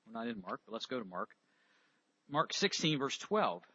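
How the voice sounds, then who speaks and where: A man's voice: medium pitch, very animated, normal speed, bright, forceful tone, husky, muffled recording. A man preaching a sermon, reading scripture aloud and then explaining it with rhetorical questions.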